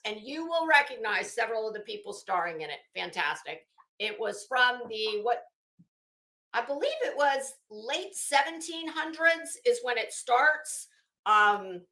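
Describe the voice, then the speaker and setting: With a high, bright, forceful voice, a middle-aged woman hosts an easygoing commentary livestream from her home office. She rambles along, reads comments from viewers, and says hello to them by name.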